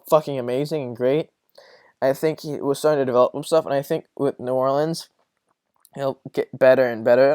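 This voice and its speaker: A man's voice: medium pitch, a little mellow, no room sound, studio quality. A young man hosting a casual solo sports podcast, rambling and swearing as he rants. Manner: rambling, profane, exasperated. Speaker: podcast host.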